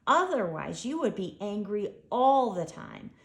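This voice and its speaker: A woman voicing a calm, empathetic female animal who speaks softly and gently in a storybook. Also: medium pitch. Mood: soothing. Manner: soft, slow, soothing. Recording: echoey room.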